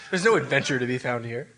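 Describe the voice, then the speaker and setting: A man playing a tabletop game on stage, firing off quick, prodding questions. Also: medium pitch, bright, forceful tone, rough recording. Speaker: player. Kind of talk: live tabletop game play. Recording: live show with crowd behind.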